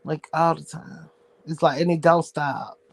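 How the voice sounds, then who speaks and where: A man's voice: on the high side, steady tone, a little slow, vocal fry, breathy edge. A man hosting his own show, ranting casually in a blunt, sassy, heavily profane way. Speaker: show host. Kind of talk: casual livestream rant.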